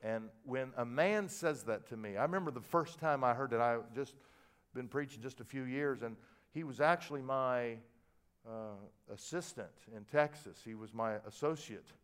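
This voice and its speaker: An older pastor preaches a sermon from the pulpit in a smooth, mid-range voice at a moderate pace. His storytelling is lively, sinking to quiet asides before rising to loud, emphatic punches, and when he gets worked up he trips over and repeats his words.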